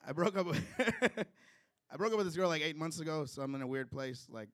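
A man's voice: a little high, brisk, a bit bright, no echo, studio quality. Chuckling young stand-up comedian man. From Chicago, US. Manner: loose, chatty, chuckles through his own jokes. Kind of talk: stand-up set with crowd work.

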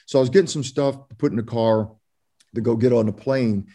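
A former ballplayer, now an older man from Florida, shares stories in an interview. His medium-pitched, warm voice moves a little fast, and he rambles with many fillers and restarts.

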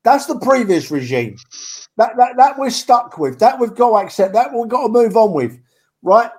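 A man's voice: very high-pitched, animated, normal speed, darkish tone, breathy edge. A man co-hosting a fan podcast, passionate and emphatic, repeating his points. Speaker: podcast co-host. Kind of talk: casual podcast chat.

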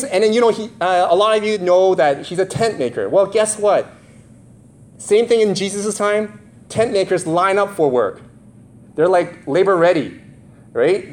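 A man's voice: a little high, a little mellow, a little hiss or hum. A man with nasal congestion preaching a sermon in a conversational way, often checking in with his listeners. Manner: conversational, asks the audience questions. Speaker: pastor.

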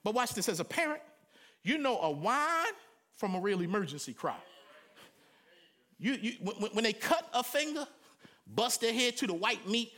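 Animated high-voiced male preacher. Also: moderate pace, pauses often. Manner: animated, humorous, conversational preaching with sudden loud cries. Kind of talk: sermon.

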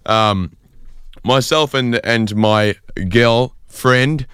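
A young man hosting a podcast, telling a rambling comic story in a deadpan way. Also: mid-range voice, extremely slow, clean tone, no room sound, clean studio sound. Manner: rambling, deadpan, lots of fillers. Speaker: podcast host.

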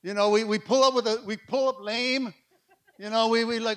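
A middle-aged man preaching a sermon, with energetic delivery that swings from loud calls to hushed asides. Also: high-pitched, moderate pace. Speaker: pastor.

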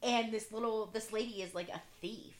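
A woman's voice: fairly high pitch, normal speed, very noisy. A woman in her thirties, a mother, telling a story in casual chat, rambling and full of "like". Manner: rambling, leans on "like". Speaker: podcast co-host, mother.

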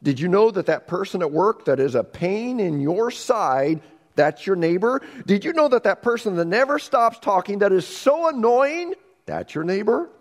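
Man preaching a sermon, lively pitch, acts out dialogue, loud then hushed. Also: moderate pace, in a large hall. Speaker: pastor.

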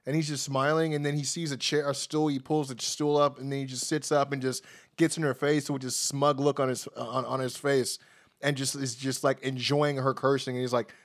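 A man's voice: mid-range voice, flat delivery, fairly quick. A man co-hosting a podcast, recapping wrestling shows in loose, profane chat, laughing often and acting out quotes. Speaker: podcast co-host.

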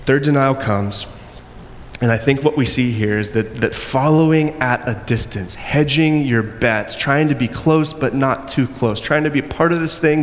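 A man preaching a sermon, acting out the quoted voices and moving between loud and soft passages. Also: mid-range voice, moderate pace. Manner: acts out quoted voices, varies loudness widely. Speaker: pastor. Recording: long echo in a hall, faint noise.

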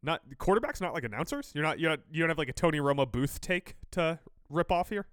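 Animated, opinionated man on a podcast. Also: on the high side, clear, resonant tone, no room sound, clean studio sound. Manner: opinionated, animated, quick to tease. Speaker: podcast co-host. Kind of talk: casual sports chat.

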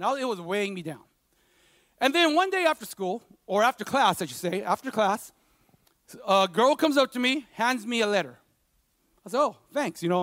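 High, bright-voiced man preaching. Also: animated, a little fast, no echo. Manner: conversational, peppered with "you know"; builds to emphatic preaching. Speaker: pastor. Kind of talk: sermon with personal stories.

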